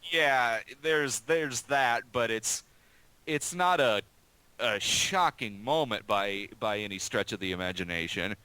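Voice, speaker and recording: A man's voice: mid-range voice, expressive, unhurried, pushed and bright, smooth, no room sound, poor audio. A man hosting a casual stream chat, talking in a profane, rambling way with many restarts.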